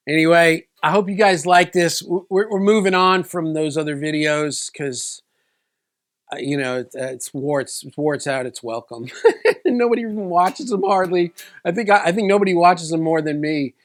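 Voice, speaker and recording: A man's voice: on the high side, fairly even intonation, normal speed, a bit bright. Rambling man telling a story to camera. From South Florida. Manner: rambling, many restarts and "like"s. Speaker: video creator.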